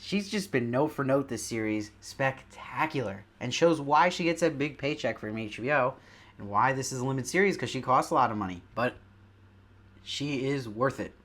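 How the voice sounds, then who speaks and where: A man with a voice of ordinary, middle pitch hosts his own review show and talks through a TV episode in a loose, conversational way. He sounds enthusiastic and often turns to his audience with questions. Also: lively intonation, moderate pace, fairly bright tone. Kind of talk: casual spoken episode review.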